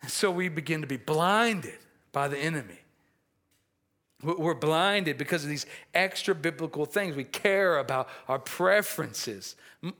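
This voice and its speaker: Guy preaching a sermon, high bright voice, animated, acts out the scripture dialogue. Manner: animated, acts out dialogue, laughs at own asides.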